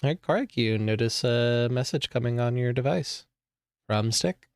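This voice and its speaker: A man narrating as game master of a tabletop game, describing scenes in an unhurried way with many fillers. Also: medium pitch, gravelly, smooth, dry recording, clean studio sound.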